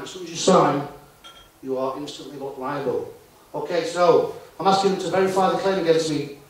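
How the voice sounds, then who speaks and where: Far from the mic in a very echoey hall, a man gives a conference talk in a slightly high, slightly mellow voice. He's chatty with the live audience and keeps tossing tag questions at them.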